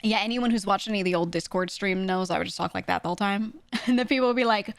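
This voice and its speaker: A woman streamer chatting casually with her viewers, talking quickly and lightly projecting her voice for the mic. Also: medium pitch, vocal fry, dry recording, clean studio sound. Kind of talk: casual chat answering a livestream chat.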